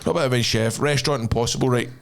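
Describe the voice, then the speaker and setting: A Scottish man hosts a podcast, chatting in a relaxed and rambling way. He sits at a mid-range pitch and laughs often while he tells a story. The sound is that of a podcast studio. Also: rapid-fire. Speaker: podcast host. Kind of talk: casual banter.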